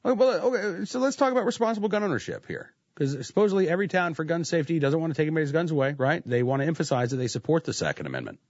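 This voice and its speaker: A man's voice: on the high side, very animated, very fast, few pauses, dry recording. A man hosting a talk radio show, commenting with sarcasm and mocking the quotes he reads. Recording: dull lo-fi sound, dry.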